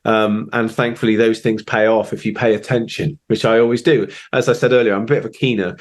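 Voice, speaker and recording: A man's voice: lowish voice, fairly quick. A man, a drummer guest chatting casually and acting out quotes as he tells stories. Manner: animated storyteller, acts out quotes. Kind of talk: casual chat.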